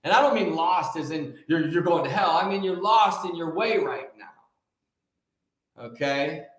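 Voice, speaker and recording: A male host giving an emphatic, preachy motivational monologue, stretching key words out slowly. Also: a little high, lively intonation. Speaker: show host. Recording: very echoey room.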